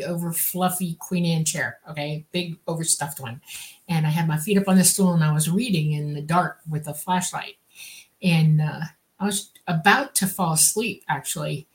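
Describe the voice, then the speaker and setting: A woman's voice: fairly low pitch, a little mellow. A woman co-hosting a talk show, telling a dramatic story with emphasis. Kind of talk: casual storytelling.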